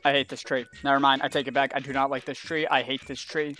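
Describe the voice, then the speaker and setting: A man's voice: mid-range voice, little pitch movement, fast, pushed and bright. A young man giving rambling gameplay commentary, easily exasperated and ranting at the game. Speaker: let's play commentator.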